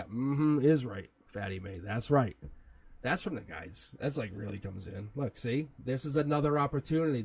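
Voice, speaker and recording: Husky-voiced man giving a casual tarot reading. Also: mid-range voice, low-quality recording. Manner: rambling, chuckles often, swears casually. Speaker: tarot reader, livestream host.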